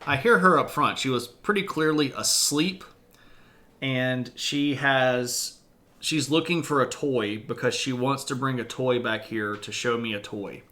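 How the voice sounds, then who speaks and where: Slow, chatty male history streamer. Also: medium pitch, pushed and bright. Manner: chatty, reads chat aloud, coos at his dog. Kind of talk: casual live-stream chat.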